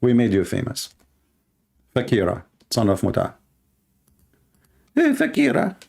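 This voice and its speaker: A man's voice: fairly low pitch, steady tone, normal speed, creaky, darkish tone, husky. A man hosting a live call-in debate stream, mocking and taunting his caller between bursts of laughter.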